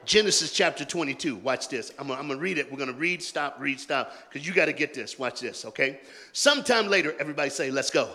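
A man preaching a sermon in a loose call-and-response style, joking in colloquial asides and swinging between shouted rallying lines and hushed, quiet talk. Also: medium pitch, fast talker, hardly any pauses. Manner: jokey, colloquial and emphatic. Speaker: pastor. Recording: long hall reverb.

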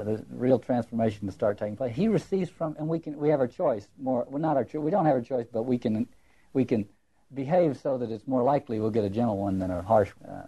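A man's voice: mid-range voice, warm tone, slightly rough, muffled recording. A man giving a lecture on literature and religion. He muses aloud, repeats his words and asks rhetorical questions.

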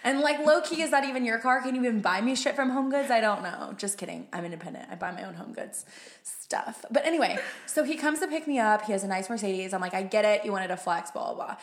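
A woman's voice: a little high, animated, fast talker. A young woman in casual chat, telling a story with lots of "like" and casual swearing. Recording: roomy echo.

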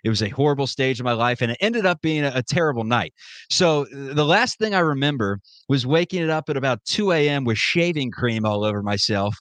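A man's voice: mid-range voice, animated, brisk, fairly bright tone, no echo. A young man hosting a podcast, ribbing his guest and telling rambling stories in casual chat. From Ohio. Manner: joking storyteller, ribbing banter. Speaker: podcast host.

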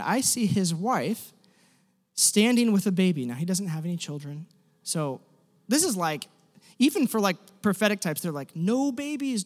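A young man giving a sermon, telling stories in an animated, self-deprecating way with quick restarts. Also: high voice. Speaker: pastor. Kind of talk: sermon storytelling. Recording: echoey hall.

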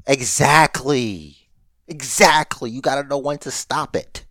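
A man's voice: medium pitch, unhurried, no room sound, clean studio sound. A man co-hosting a podcast, chatting casually and joking about wrestling. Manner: animated, joking, drops into mock voices. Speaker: podcast co-host.

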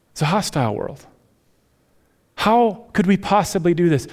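A male pastor preaching a sermon, addressing the congregation with rhetorical questions and swinging between emphatic rises and soft, hushed passages. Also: fairly high pitch.

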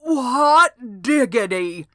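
A woman voicing an excitable rural old man, drawling and eager. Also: fairly high pitch, drawn-out words, dry recording, studio quality, pitched above the performer's own voice, full character voice. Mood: delighted.

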